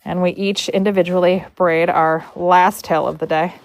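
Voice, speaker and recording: A woman's voice: lowish voice, steady tone, normal speed, no room sound. A woman from Michigan, a horse braider, chatting and telling a story casually on a livestream, retelling conversations with animation.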